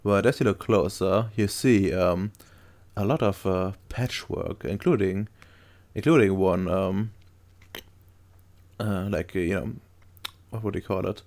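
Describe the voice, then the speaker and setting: A man narrates a tabletop game as its game master, groping for words as he describes things. His voice sits low and carries a gravelly fry. He talks in a casual, unpolished way. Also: darkish tone. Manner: halting, searching for words while describing.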